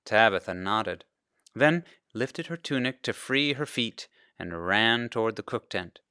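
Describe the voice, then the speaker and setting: A male pastor reading a children's storybook aloud, narrating in an expressive way. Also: fairly low pitch, measured pace, smooth, no echo, studio quality.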